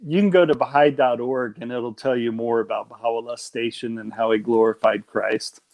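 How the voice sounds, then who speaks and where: A man's voice: medium pitch, fairly even intonation, moderate pace, darkish tone. A man in his fifties hosting a casual live stream chat, joking around and slipping into silly voices. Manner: jokey, puts on silly voices. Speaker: livestream host.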